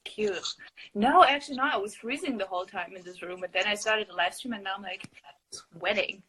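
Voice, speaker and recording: A young woman hosting a casual phone livestream from her room at home, chatty and animated, often laughing. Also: brisk, slightly rough, rough recording. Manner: giggly, animated, talks to her cat in a high voice. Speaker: livestream host.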